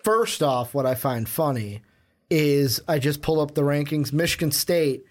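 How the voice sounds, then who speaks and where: Young guy cohosting a sports podcast, kinda high voice, jokey, keeps butting in. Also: measured pace. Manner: animated, jokey, talks over his partner. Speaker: podcast co-host. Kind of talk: casual sports podcast chat.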